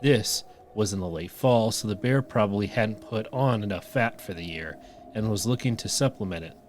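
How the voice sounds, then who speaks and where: A man's voice: fairly low pitch, normal speed, a little hiss or hum. A man co-hosting a podcast, reading listener stories aloud and adding dry jokes. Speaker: podcast co-host.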